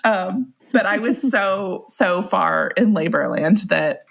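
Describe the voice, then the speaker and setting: A woman's voice: medium pitch, animated, slow, gravelly. A young adult woman telling her own story as a podcast guest, in a casual, conversational way and often laughing as she goes. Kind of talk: personal storytelling.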